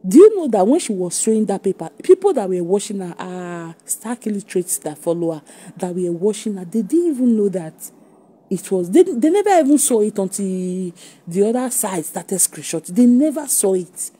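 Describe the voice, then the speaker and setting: A woman speaking Nigerian Pidgin English, giving a mocking, animated gossip commentary for her online audience, laughing often. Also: mid-range voice, normal speed, breathy edge.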